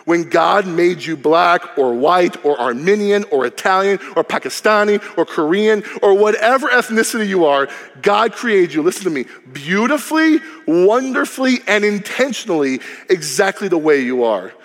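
A man preaching a sermon as a pastor, lively and humorous, dropping to a low hush for emphasis. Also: normal speed. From Cuban heritage. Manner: lively, humorous, varies volume widely, drops low for emphasis. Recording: long reverb of a large hall.

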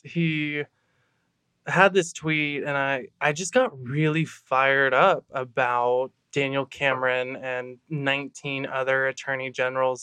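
A man co-hosts a casual podcast chat, speaking with a bright, crisp, smooth tone. He talks candidly and gets fired up. The sound is dry and close. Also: medium pitch, no room sound. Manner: candid, tired, fired-up about activism. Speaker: podcast co-host.

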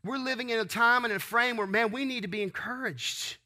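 A man's voice: very high voice, fairly quick, bright, forceful tone. A man preaching a sermon as pastor, asking rhetorical questions and calling for responses from the congregation.

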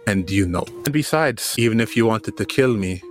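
A man's voice: lowish voice, lively intonation, normal speed, faint music behind, lightly acted. A man voicing a sly, proud woman who teases in a coy, smug way.

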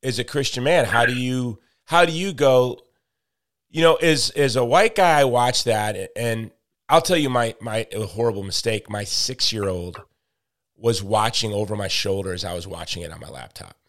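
Man, podcast host, earnest, conversational, mid pitch. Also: fairly bright tone. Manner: earnest, asks personal questions with halting restarts. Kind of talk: conversational interview.

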